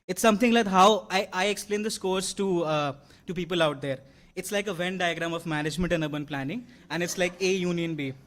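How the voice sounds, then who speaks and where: An award-winning young graduate gives an earnest convocation speech in a large hall, full of fillers and restarts. His voice sits high and a bit bright, fairly quick with fairly even intonation.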